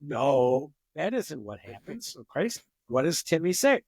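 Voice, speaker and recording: An older man with a notably high voice speaks as a psychologist guest on a podcast. He explains his points with animated stories and acts out the people in them. The sound is dry and close. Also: a little slow, no echo. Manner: animated storyteller who acts out examples. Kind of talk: podcast interview.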